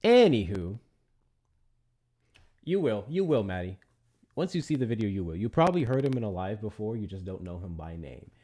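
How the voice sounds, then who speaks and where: A man with a deep voice hosts a casual livestream and talks straight to his viewers. He rambles loosely, drops swear words, and moves from one thought to the next without much plan. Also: big pitch swings, moderate pace, long pauses, warm tone. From United States. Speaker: livestream host.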